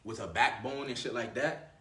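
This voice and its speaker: A man talking straight to the camera with swagger and bluntness, swearing freely and leaning on filler words as he coaches. His voice sits at a middle pitch, and the sound bounces around a roomy, echoey space. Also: normal speed, pushed and bright. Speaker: dating coach. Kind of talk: casual advice monologue.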